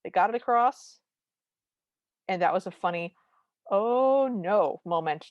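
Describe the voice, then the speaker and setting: A woman's voice: fairly low pitch, normal speed, no echo, highs cut off. Woman podcast host with a dry sound. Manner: animated retelling, briefly acting out characters' lines. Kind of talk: casual movie recap chat.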